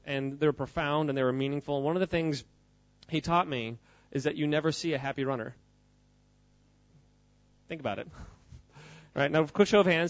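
A man's voice: medium pitch, no room sound, dull audio. A man giving an informal, joking talk to a live audience, quizzing the crowd as he goes. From United States. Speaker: speaker at a church gathering.

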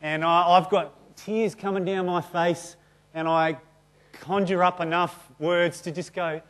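A man's voice: fairly high pitch, fairly even intonation, measured pace, a bit bright. A male pastor giving a conversational, self-deprecating sermon in a church.

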